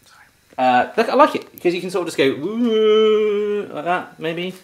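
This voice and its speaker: A man's voice: high voice, lively intonation, fast. An English man hosting a playful home cooking demonstration, chatty and jokey, talking to the food as he cooks. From England. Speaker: cooking show host. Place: home kitchen.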